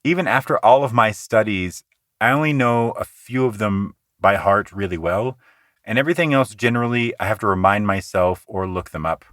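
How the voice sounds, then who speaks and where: Man, podcast poetry teacher, low-ish voice, earnest, conversational, dry close sound. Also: fairly bright tone, dry recording. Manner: earnest, explanatory, slows down to recite lines rhythmically. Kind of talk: explanatory poetry lesson.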